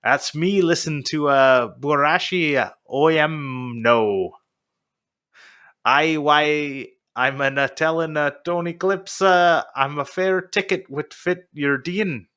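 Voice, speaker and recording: A man's voice: on the high side, pushed and bright, pitched above the performer's own voice. A man putting on a clumsy mock Scottish accent. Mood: struggling. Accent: put-on Scottish. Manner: halting, stumbling over the words. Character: man reading a fan review in mock Doric.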